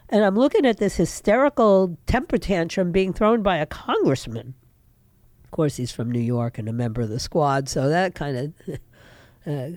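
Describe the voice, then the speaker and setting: Emphatic woman radio host, lively pitch. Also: dry recording, studio quality. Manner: emphatic, indignant, repeats for emphasis. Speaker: radio talk show host. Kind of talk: opinionated talk radio monologue.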